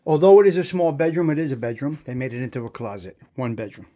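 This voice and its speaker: A man's voice: medium pitch, expressive, fast, warm tone. A man hosting a walking tour of an old house, talking to viewers with admiration and repeating his words. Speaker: host giving a house tour. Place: inside an old house, walking between rooms.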